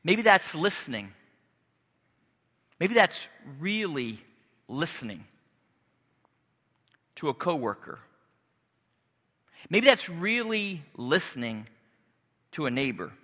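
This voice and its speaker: A man preaching a sermon as pastor, earnest and deliberate, pausing and restarting as he speaks. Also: fairly high pitch, very animated, pushed and bright, big-room sound.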